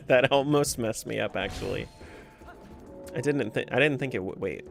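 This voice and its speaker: A man's voice: medium pitch, measured pace, gravelly, fairly bright tone, faint music behind. A man chatting casually on a live stream as he plays a game, talking to himself and to chat and laughing often.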